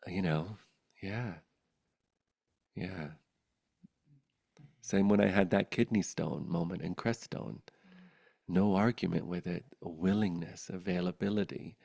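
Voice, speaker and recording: A man leading a spiritual gathering, telling stories in an animated way, often laughing and sometimes dropping to a soft near-whisper. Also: sits low. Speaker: spiritual teacher leading a satsang. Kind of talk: casual spiritual talk to a group.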